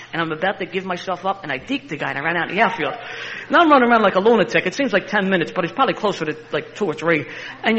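Older Philly man spinning a fast yarn. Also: high-pitched, slight background noise. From Philadelphia. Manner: animated, laughing storyteller with a street-tough edge. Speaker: interview guest. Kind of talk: personal storytelling. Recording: slightly muffled recording.

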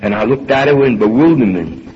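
An older man at a recovery meeting, telling his own story in an animated way and acting out the dialogue. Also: medium pitch, a little fast. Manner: animated storyteller, acts out dialogue, swings between loud and hushed. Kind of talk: personal storytelling talk. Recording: dull lo-fi recording with faint hiss.

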